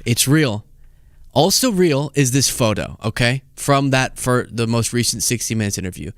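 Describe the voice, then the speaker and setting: A man's voice: mid-range voice, moderate pace, no room sound, studio quality. Fired-up male political commentator. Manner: animated, incredulous, sarcastic.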